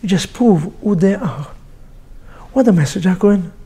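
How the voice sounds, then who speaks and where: A man teaching as a rabbi, telling stories with jokes and sound effects in a lively sermon to a group. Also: high voice, moderate pace, husky. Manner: animated storyteller, joking, with sound effects.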